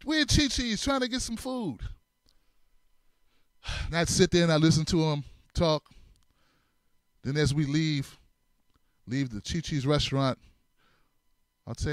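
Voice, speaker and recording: A man's voice: fairly high pitch, lively intonation, a little slow, pauses often, dry recording, studio quality. A man hosting a comedic commentary show, laughing a lot, swearing casually and acting out scenes in different voices. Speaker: show host.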